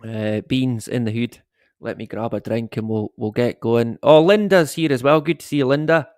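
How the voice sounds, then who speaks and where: A man's voice: mid-range voice, normal speed, a little mellow, no echo, clean studio sound. A man hosting a casual live stream from home, chatting with viewers in a rambling way and chuckling often. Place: at home, dog snoring behind him.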